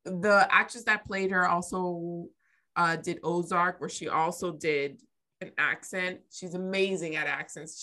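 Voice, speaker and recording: A woman's voice: lowish voice, bright, forceful tone. A woman co-hosting a podcast, talking bluntly in casual chat and swearing freely. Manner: blunt, swears, talks in long stretches. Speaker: podcast co-host.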